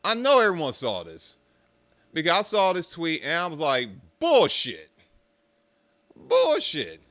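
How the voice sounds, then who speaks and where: A young man rants to his viewers with a bright, crisp voice, cursing and mocking as he goes. His delivery is animated and loose. The sound is close and dry. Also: a little high, normal speed, no room sound. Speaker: streamer talking about arcade rhythm games. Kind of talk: casual rant to viewers.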